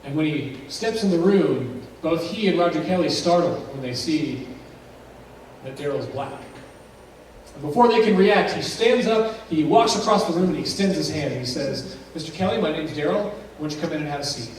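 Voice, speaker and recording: A man's voice: on the high side, lively intonation, moderate pace, a little hiss or hum. Male pastor telling a story in his sermon, acts out the voices, far off mic in a really echoey church. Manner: dramatic storyteller, acts out dialogue with rising intensity. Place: church sanctuary. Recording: echoey church heard from a distance.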